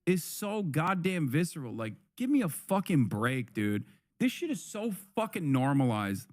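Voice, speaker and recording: A man's voice: fairly high pitch, sing-song, normal speed, no room sound, studio quality. A man streaming live, reacting to a video with heated, profane commentary that often repeats and restarts. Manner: angry, profane ranting.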